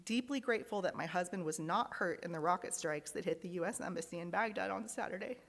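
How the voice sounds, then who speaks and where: This lay worship leader, a woman with a lowish voice who talks fast, reads the joys and sorrows to her congregation in a large fellowship hall. Her reading is earnest and heartfelt, turning emotional at points.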